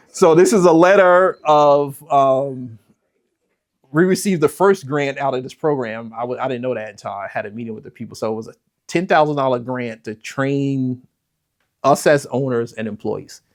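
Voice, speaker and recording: A man's voice: mid-range voice, normal speed. A man coaching a workshop audience, telling stories and acting out the people in them. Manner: animated storytelling, acts out quoted exchanges. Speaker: business strategy coach. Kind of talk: workshop presentation. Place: event room with a live audience.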